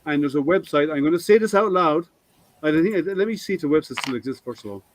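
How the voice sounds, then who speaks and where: A man's voice: fairly high pitch, animated, fast talker, a little hiss or hum, poor audio. A man hosting a casual maker hangout, rambling with lots of ums and restarts. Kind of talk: casual chat.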